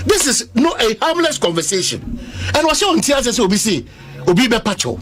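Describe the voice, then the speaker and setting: A Ghanaian man with a strikingly high, lively voice argues politics on a panel. He is emphatic and insistent and keeps cutting in over the others. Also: a little fast, faint music behind. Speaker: political commentator. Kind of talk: heated political panel debate.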